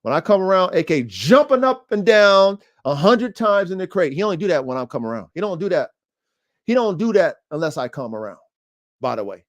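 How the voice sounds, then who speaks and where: A man's voice: high-pitched, big pitch swings, a little fast. A man hosting a casual dog training podcast, talking animatedly and straight to his listeners. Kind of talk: casual livestream talk.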